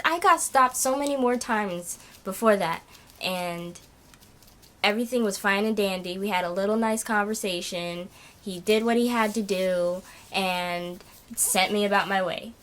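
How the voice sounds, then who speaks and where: A woman's voice: mid-range voice, a bit bright. A young woman ranting casually to camera in a vlog, exasperated and complaining, with many fillers. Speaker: vlogger.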